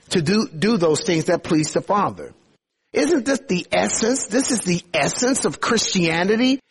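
A man preaching a sermon as a pastor, earnest, slowing down to stress points and rising in fervor as he urges his listeners. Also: sits high, husky.

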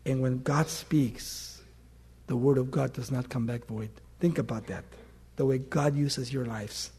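A middle-aged man preaching a sermon, telling stories and swinging from loud emphatic bursts to soft hushed words. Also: mid-range voice, steady tone, unhurried, husky. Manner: storytelling with anecdotes, fillers and restarts.

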